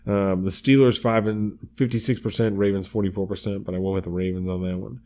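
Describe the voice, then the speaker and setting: A man with a somewhat low voice talks through his weekly football picks in a relaxed, casual podcast chat. He reads off odds and records and swears freely along the way. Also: a little fast. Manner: profane, laid-back, reads off picks and odds. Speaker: podcast co-host.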